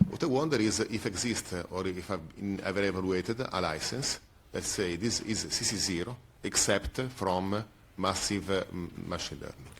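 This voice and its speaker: A man in the audience asks a halting question, with many fillers. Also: low-pitched, fairly bright tone, a little hiss or hum. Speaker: audience member asking a question. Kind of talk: question from the floor.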